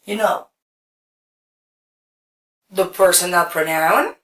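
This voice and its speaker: A woman's voice: on the low side, expressive, a bit bright. A woman teaching an English grammar lesson, explaining step by step and checking in often with "okay". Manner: slow, explaining step by step with frequent okays. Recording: roomy echo, distant from mic.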